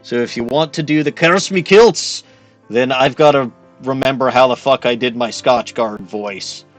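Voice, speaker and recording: A man's voice: mid-range voice, moderate pace, faint music behind. A man streaming a game in casual commentary, swearing freely and joking at his own expense. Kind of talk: casual let's-play commentary.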